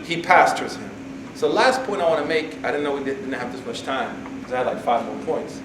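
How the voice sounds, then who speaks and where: A man giving a casual, humorous religious talk to a campus group, animated and jokey, acting out quotes. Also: medium pitch, brisk. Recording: echoey hall from far off, noisy.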